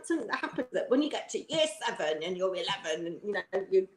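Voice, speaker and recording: A woman's voice: medium pitch, big pitch swings, quick pace. A middle-aged woman, a former teacher, chatting at length on a video call and laughing often as she goes. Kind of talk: casual chat on a live stream. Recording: roomy echo.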